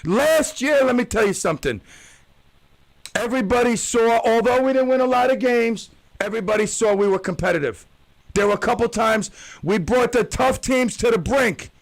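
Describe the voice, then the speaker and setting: A man hosting a radio show, ranting loudly about his softball team and mocking whiners in a wailing voice. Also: very high-pitched, expressive, normal speed, rough recording. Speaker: radio host and softball coach. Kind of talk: animated radio monologue.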